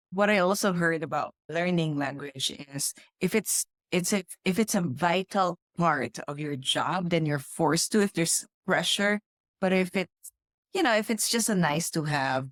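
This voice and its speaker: A woman's voice: deep voice, no room sound, clean studio sound. A woman from the Philippines co-hosting a casual podcast chat, talking thoughtfully with frequent restarts. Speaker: podcast co-host.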